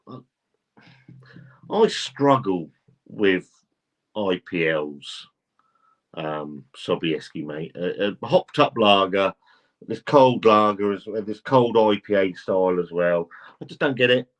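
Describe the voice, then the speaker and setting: A man with a fairly low voice hosts a live stream in a relaxed, chatty way. He reads viewer comments aloud and rambles between them. He swears casually as he goes. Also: takes it slowly, long pauses. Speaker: livestream host.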